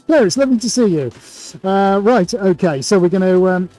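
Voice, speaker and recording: A man hosts a live painting stream, rattling off greetings to viewers by name and throwing in jokey asides. His voice sits a little high but has a warm, mellow tone. Soft music plays quietly behind him. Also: animated, moderate pace. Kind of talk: casual live-stream chat.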